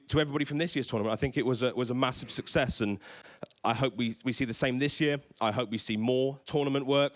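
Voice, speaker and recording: A man giving an enthusiastic conference talk on stage to a live audience, often stumbling and repeating words. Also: mid-range voice. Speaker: conference presenter.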